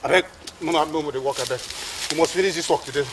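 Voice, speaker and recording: An actor with a Nigerian accent playing an insistent young coworker who speaks in pidgin. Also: male voice, on the high side, rapid-fire, very noisy, natural voice. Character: pushy young coworker eager for pay. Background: loud music.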